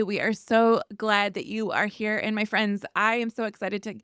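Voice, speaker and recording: A woman's voice: medium pitch, fairly even intonation, brisk, fairly bright tone, soft background music. A woman hosting a faith-based interview podcast, chatty and enthusiastic as she welcomes her guest. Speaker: podcast host.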